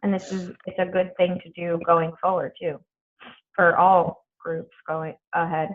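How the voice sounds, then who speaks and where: A woman's voice: lowish voice, flat delivery, unhurried. A woman coaching her team on a video call, chatty and blunt, swearing freely. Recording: tinny phone-like video call audio.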